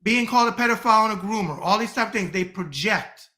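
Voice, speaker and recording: A man's voice: sits high, expressive, fast talker, pushed and bright. A middle-aged man from the United States, a podcast guest talking politics in a blunt, profane, emphatic rant. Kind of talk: heated political talk.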